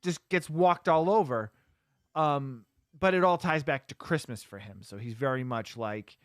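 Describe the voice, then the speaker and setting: A man co-hosting a podcast, casually recapping a movie plot in a rambling, animated way with lots of "like" and restarts. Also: medium pitch, no room sound, clean studio sound. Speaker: podcast co-host.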